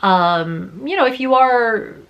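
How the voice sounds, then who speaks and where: A young adult woman who works as a voice-over artist and teacher, talking casually to camera and explaining with lively hand gestures. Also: a little high, takes it slowly, muffled recording. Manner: animated, gestures with her hands while talking.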